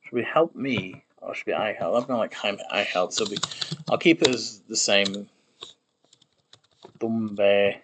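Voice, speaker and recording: A man with a fairly low, slightly bright voice speaks a little slowly and pauses often, with faint hiss or hum on the recording. He's a streamer building a made-up language, muttering and thinking aloud at his desk as he works, trailing off and correcting himself while a keyboard clicks and types behind him.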